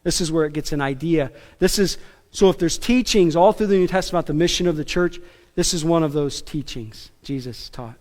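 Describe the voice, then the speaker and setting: A man preaching a sermon as pastor, animated and emphatic, with casual asides and self-deprecating jokes. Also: fairly high pitch, fairly quick, big-room sound. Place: church sanctuary.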